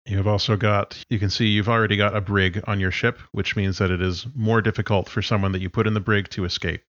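A man acting as game master, explaining rules and setting up a tabletop game in a relaxed way. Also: on the low side, fast talker, no echo, dull audio.

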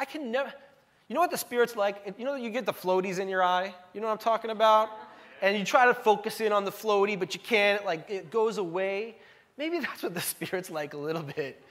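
A man in his thirties delivers a sermon with a notably high voice. He preaches in a lively, conversational way and keeps turning to the congregation with questions. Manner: animated, conversational, addresses congregation with "y'all". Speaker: pastor.

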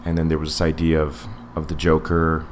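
A low-pitched man in his forties talking through a casual podcast review, wandering from point to point with lots of ums and restarts. A faint hiss sits under the recording. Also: monotone, a little fast. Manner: rambling, digressive, many fillers and restarts. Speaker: podcast co-host.

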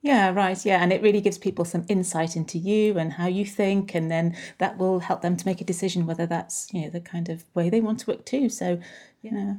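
A woman's voice: lowish voice, fairly even intonation, a little fast, darkish tone. A woman hosting an interview, encouraging the guest and summing up her points in casual chat. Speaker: interview host.

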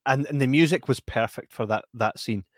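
A man's voice: mid-range voice, fairly quick, dry recording, clean studio sound. A man co-hosting a podcast, chatting casually about a film and laughing often as he retells scenes. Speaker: podcast co-host.

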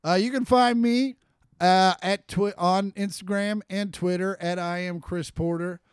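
A man's voice: sits high, measured pace, smooth, no echo, clean studio sound. A man in his forties from Kansas City, co-hosting a comedy podcast and telling joking stories in casual chat. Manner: storytelling, joking, animated.

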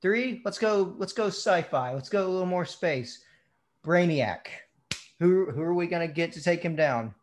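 Man, slightly high voice, animated, enthusiastic, swears, casual chat. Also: normal speed, slight background noise.

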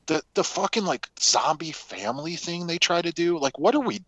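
A man's voice: fairly high pitch, very animated, moderate pace, fairly bright tone, no echo, lo-fi sound. A man co-hosting a casual film podcast, talking animatedly and swearing freely. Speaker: podcast co-host.

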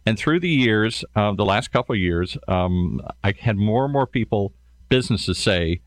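Man, low pitch, middle-aged, animated storyteller, dry recording. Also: moderate pace, no echo. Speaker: radio show guest. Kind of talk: casual radio talk.

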